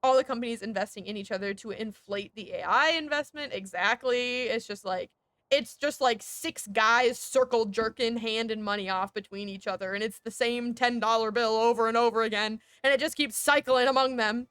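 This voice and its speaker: Woman streamer: high, sharp voice, animated and sweary rants, dry close sound. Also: moderate pace, clean tone, dry recording. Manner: animated, heated and sweary, with laughing asides. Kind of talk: casual ranting chat while gaming.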